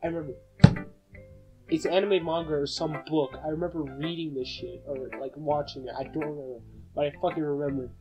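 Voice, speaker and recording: A young man playing a visual novel, reading it aloud and blurting excitable, profane reactions. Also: on the high side, fairly quick, lo-fi sound, music in the background. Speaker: gamer.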